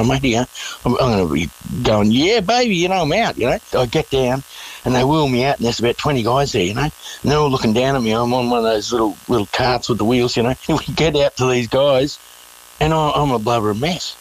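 A man's voice: mid-range voice, fairly quick, low-quality recording. A man with an Australian accent, a former miner, telling his story in a laid-back, chatty way in an interview. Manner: laid-back, chatty, full of fillers and quoted dialogue.

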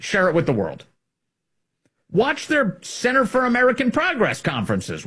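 Middle-aged male commentator: slightly raspy, lively up-and-down delivery, punchy and combative. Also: high voice. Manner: emphatic, combative, swings between loud and hushed. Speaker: political commentator. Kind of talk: political commentary monologue.

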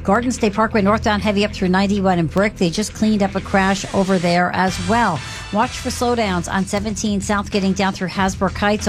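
A woman giving a radio traffic report in a brisk, matter-of-fact way. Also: mid-range voice.

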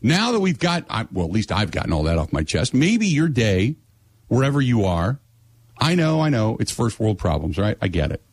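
A man's voice: on the low side, very animated, moderate pace, breathy edge, dry recording. A middle-aged man hosting sports radio, telling a story in blunt, sarcastic, exasperated casual chat.

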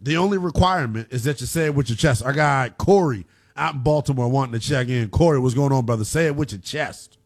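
A man hosting a sports talk radio show, energetic and analytical. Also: medium pitch, fast. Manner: energetic, analytical, pushes callers to speak boldly.

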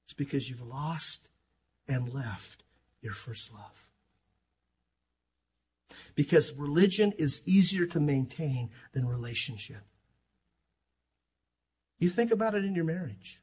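An older man preaching a sermon as pastor, fervent and emphatic, swinging from loud to hushed. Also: a little high, lively intonation, slow pace, pauses often, breathy edge.

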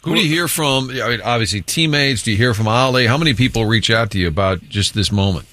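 A man's voice: mid-range voice, quick pace, sharp tone, dry recording. A man co-hosting a sports show, joking around and reading out stats. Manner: joking, reads stats aloud. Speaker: broadcast co-host. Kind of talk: casual broadcast chat.

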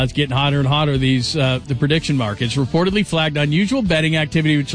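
An enthusiastic man hosts a national talk show, laughing easily through loose, praising remarks. His voice sits a bit high over a faint music bed. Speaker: radio host.

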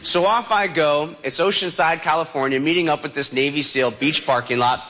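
Man, storyteller, fairly high forceful voice, animated and vivid delivery. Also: normal speed. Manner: vivid, dramatic, adds sound effects.

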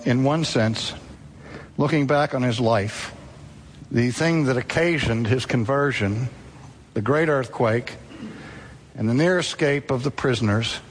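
Gravelly preacher man in an echoing hall. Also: slight background noise. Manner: dramatic storytelling with sudden rises and drops in pitch. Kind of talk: sermon.

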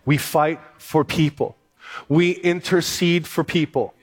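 A man pastor preaching a sermon, reading scripture slowly and repeating key phrases for emphasis. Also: a little high, fairly even intonation. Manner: reads scripture slowly and deliberately.

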